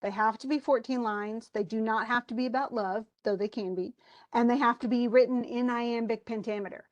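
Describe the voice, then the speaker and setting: A woman's voice: fairly high pitch, steady tone, fairly quick, muffled recording. A woman instructor giving an online class lecture over a computer mic, talking conversationally with many restarts and check-ins with the students. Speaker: college English instructor.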